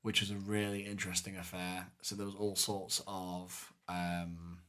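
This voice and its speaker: A man co-hosting a podcast, retelling a live-action game weekend in casual chat, full of fillers and animated asides. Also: deep voice, unhurried. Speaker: podcast co-host.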